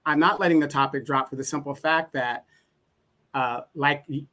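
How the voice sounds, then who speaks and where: A man's voice: a little high, steady tone, moderate pace, pushed and bright. Insistent man arguing his point. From Southern California. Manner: insistent, repeats words when arguing. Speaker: co-host guest. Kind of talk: casual debate.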